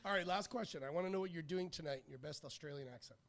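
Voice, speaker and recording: A man's voice: fairly high pitch, racing, gravelly. A man hosting a casual roundtable podcast, joking with his guests and swearing now and then. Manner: jokey, swears, playful ribbing. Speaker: podcast host.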